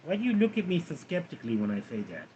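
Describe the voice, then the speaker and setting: A man's voice: a little high, big pitch swings, racing, dark tone, highs cut off, slight background noise. A man live-streaming from home with his cats, reading viewer comments aloud and answering them offhandedly. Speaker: livestreamer reading chat. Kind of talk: casual live-stream chat.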